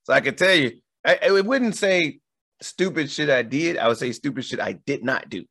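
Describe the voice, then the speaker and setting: A man's voice: medium pitch, normal speed, dry recording, studio quality. A man, telling a funny childhood story in casual chat, laughing and acting out voices. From Southern United States. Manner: animated, laughing storyteller who acts out voices.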